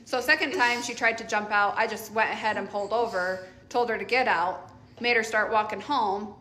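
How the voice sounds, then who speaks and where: A woman's voice: mid-range voice, steady tone, moderate pace, bright, forceful tone. A middle-aged woman, a mother, telling a casual storytime about her teenage daughter, blunt and offhand, laughing often.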